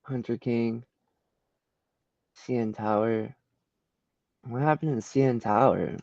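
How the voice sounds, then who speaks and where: A man in a laid-back screen-share session, full of slang and swearing, breaking into loud disbelief at what he finds. His audio is dull and lo-fi, with a dry, close sound. He talks at a mid pitch. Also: steady tone, takes it slowly, dry recording. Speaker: vlogger browsing trending searches. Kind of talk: casual screen-share commentary.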